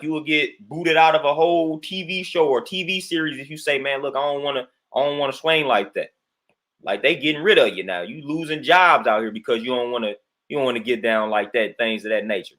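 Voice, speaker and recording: A man's voice: a little high, brisk, fairly bright tone. Emphatic man ranting on a livestream. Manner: emphatic and repetitive, says "man" constantly; greets viewers in chat between points. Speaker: livestream host. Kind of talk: livestream rant.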